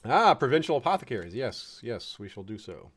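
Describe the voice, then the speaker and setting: A man's voice: mid-range voice, big pitch swings, brisk. A man from the United States giving chatty, chuckling commentary on a strategy game, fond of puns. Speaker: game streamer.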